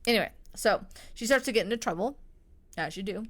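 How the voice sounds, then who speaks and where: A woman's voice: mid-range voice, lively intonation, brisk, a bit bright. Rambling woman podcaster, casual and sweary. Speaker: podcast co-host. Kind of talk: casual true-crime chat.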